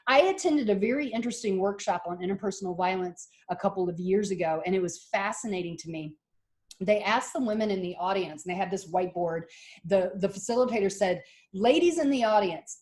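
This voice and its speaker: A middle-aged woman giving a classroom lecture, telling stories and acting out the people she quotes in lively voices. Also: mid-range voice. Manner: animated, acts out quoted voices. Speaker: college lecturer.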